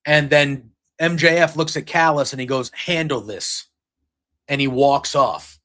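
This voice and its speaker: A man with a slightly higher voice hosts a casual wrestling recap. He rambles from one moment to the next, retelling what was said in quotes and filling gaps with "you know" and "um.". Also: fairly even intonation, normal speed, a bit bright. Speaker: podcast host recapping wrestling.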